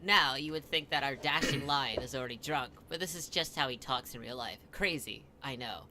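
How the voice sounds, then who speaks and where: A man's voice: medium pitch, moderate pace, sharp tone, slight background noise. A man reading a comic fan story aloud in a mock-dramatic way, with wry asides.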